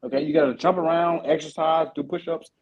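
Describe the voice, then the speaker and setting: Swearing, fast-chatting veteran host. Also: male voice, fairly high pitch, lo-fi sound. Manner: profane, animated storytelling with many repeated fillers. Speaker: podcast host, army veteran. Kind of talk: casual chat.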